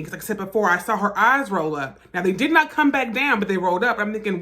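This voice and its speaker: A woman vlogger telling a personal story in a casual storytime style, animated, profane and emphatic. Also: medium pitch, fast.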